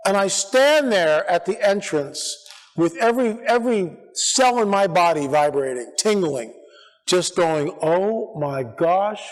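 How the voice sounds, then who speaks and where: A man giving an animated, storytelling talk at a church conference, acting out quotes as he goes. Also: a little high. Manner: animated, acts out quotes, restarts often. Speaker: conference speaker. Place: church sanctuary. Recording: echoey church hall.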